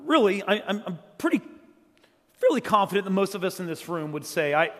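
A middle-aged man from South Carolina preaching from a church stage, with a voice that sits high for a man. He talks in a loose, joking way, and his words ring out with a long hall reverb behind them. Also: sing-song, fairly quick. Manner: joking, conversational, swings from loud storytelling to quiet earnest. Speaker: guest preacher. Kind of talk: humorous storytelling sermon. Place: church sanctuary.

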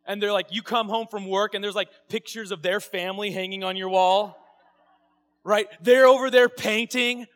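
A man preaching a sermon, telling a story with lively acted-out quotes. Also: high voice, a little fast. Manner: animated storytelling, acting out quoted voices. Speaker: pastor.

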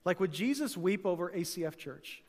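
A man with a notably high voice preaching to his congregation in a loose, conversational way, often repeating himself and stumbling over words. He swings between bright, loud bursts and hushed, serious moments. His voice rings out in the long reverb of a church hall. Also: normal speed. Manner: conversational preaching with frequent fillers and repetitions; dynamic, swings from loud excited bursts to quiet earnest lows. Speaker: pastor. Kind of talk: sermon. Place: church sanctuary.

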